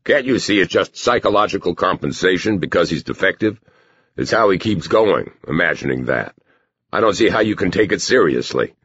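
A man's voice: deep voice, animated, normal speed, fairly bright tone, breathy edge, no room sound, pitched above the performer's own voice, heavily acted. A man voicing a cold, dismissive young working man with a curt, aloof manner. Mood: scornful. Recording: dull lo-fi recording.

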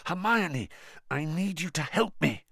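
Frustrated teen wizard boy, man reading, higher pitch, strained, bright tone. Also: lively intonation, unhurried, gravelly, no echo, studio quality, full character voice. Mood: urgent.

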